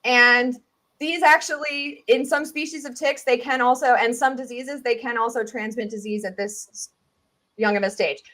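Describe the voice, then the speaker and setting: High-voiced chatty Southern woman. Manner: chatty, animated, quick asides and laughs. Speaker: guest tick researcher. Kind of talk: casual chat, video podcast.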